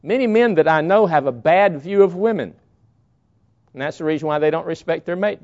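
Preacher guy, kinda high gravelly voice, folksy sermon vibe, muffled recording. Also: a little mellow. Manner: folksy storytelling, acts out quoted voices. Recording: dull lo-fi recording.

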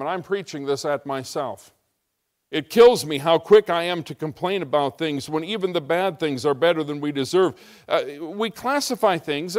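A middle-aged American man preaching a sermon as pastor, telling a story with emphatic rising intensity. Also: fairly high pitch. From United States.

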